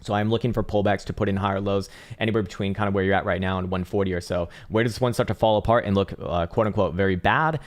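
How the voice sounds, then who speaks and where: A man's voice: lowish voice, fairly even intonation, quick pace, hardly any pauses. A man casually analyzing trading charts on a live stream, rambling, swearing freely and laughing as he reads viewer messages aloud.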